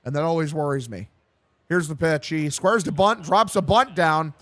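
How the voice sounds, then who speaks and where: High-voiced fired-up male fan streamer. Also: normal speed, a bit bright, no room sound. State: sore throat. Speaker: streamer doing a watch-along. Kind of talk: excited casual play-by-play with heavy swearing.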